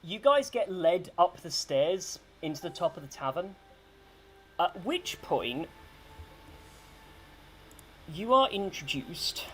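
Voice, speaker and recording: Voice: mid-range voice, big pitch swings, takes it slowly, long pauses, a bit bright, breathy edge. Casual game master. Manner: casual, rambling, full of ums and likes. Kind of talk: narrating a tabletop game.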